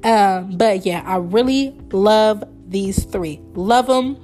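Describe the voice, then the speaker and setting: A woman in her early thirties hosts her own podcast, rambling warmly between topics and breaking into laughter. Her voice sits at an ordinary pitch for a woman, with faint music underneath. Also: takes it slowly. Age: 30s. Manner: chatty, rambling, laughs often, emotional and sincere. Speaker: podcast host. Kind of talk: casual solo podcast chat.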